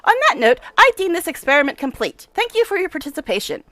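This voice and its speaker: A woman reading aloud the lines of an eccentric, excitable female scholar obsessed with science, in a brisk, lecturing tone. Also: sits high, no room sound, soft background music. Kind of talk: reading game dialogue aloud.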